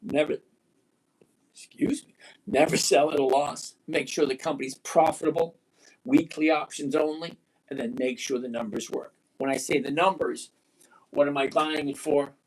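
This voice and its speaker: High-voiced retired man in his sixties. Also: fairly even intonation. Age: 60s. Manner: blunt, emphatic, repeats key points slowly. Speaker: livestream host. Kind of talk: live stock-trading chat.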